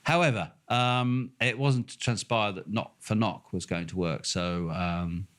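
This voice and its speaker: Older Norfolk bloke, low voice, sweary storyteller who does the voices of people in his tales. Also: measured pace, fairly bright tone. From England. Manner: swearing, laughing, acting out voices in anecdotes. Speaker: podcast co-host. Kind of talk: casual storytelling chat.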